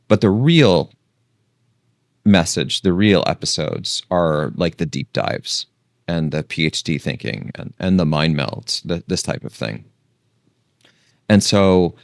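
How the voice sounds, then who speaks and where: A man hosting a casual long-form talk, meandering and thinking out loud, sometimes losing his thread. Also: deep voice, dry recording, clean studio sound. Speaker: host.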